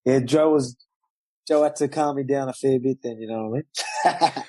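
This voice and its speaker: A man telling a fight story in a casual interview, animated and loose, acting out what people said. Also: mid-range voice, moderate pace, no room sound, low-quality recording. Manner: animated storyteller, loose swearing, acts out quotes. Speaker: guest, professional fighter.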